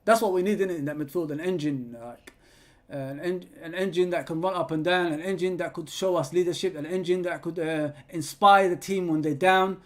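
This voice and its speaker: A man hosting a live football watch-along, excitably calling the play, yelling at players and chatting with viewers. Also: sits high, fairly quick. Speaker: fan channel host reading live chat.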